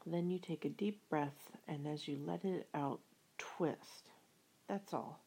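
A woman voicing a gentle, simple male bear from a storybook, speaking calmly and plainly. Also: low-pitched, takes it slowly, creaky, breathy edge, heavily acted.

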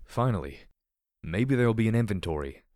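A wary stallion pony from a grim storybook, his voice deep, soft and muttered, as a man reads him. The sound is dry and close, with no room around it. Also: slow pace, no echo. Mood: relieved. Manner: low, muttered and soft-spoken. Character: wary male pony, low soft-spoken voice.

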